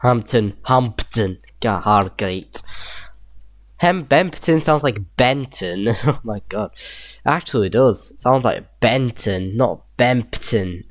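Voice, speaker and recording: Slow, rambling Yorkshire-accented young man. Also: medium pitch, expressive, dry recording. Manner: rambling, thinking aloud, chuckling to himself. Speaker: gameplay video creator. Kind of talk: casual gameplay commentary.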